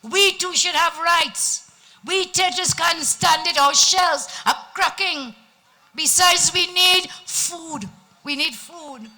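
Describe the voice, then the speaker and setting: A woman with a Trinidadian accent voicing a small, weary male turtle who groans and pleads quietly. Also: very high-pitched, slow, heavily acted. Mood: complaining.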